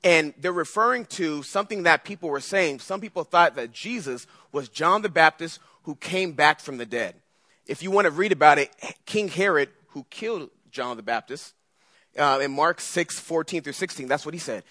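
A male preacher delivers a lively, conversational sermon with a pitch that rises and falls widely. His voice is bright and a little high. The recording is dry and close. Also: normal speed, dry recording. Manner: animated, conversational, acts out scripture voices.

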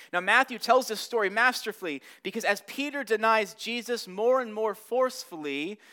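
A man's voice: high voice, sharp tone, clear, resonant tone. A man teaching a Bible study lesson, acting out the quotes with rising and falling intensity.

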